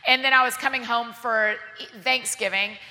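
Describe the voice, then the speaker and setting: A woman with an American Southern accent tells a story from the stage, her voice high and very bright. She is animated and self-deprecating, breaking into laughter as she goes. Her words ring out with the long reverb of a large hall. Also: moderate pace. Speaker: guest speaker. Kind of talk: storytelling sermon to a live audience.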